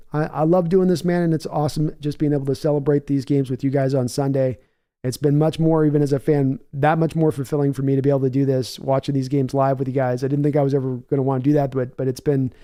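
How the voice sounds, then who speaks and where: A warm, slightly high-voiced American man streams live game reaction commentary. He is opinionated, analytical, and rambling, reading viewer chat aloud and answering it conversationally.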